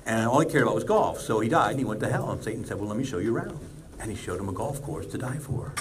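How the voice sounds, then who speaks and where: A man, a priest, giving a conversational sermon with animated asides. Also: fairly low pitch, quick pace, over a noisy crowd. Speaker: Catholic priest. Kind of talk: sermon talk.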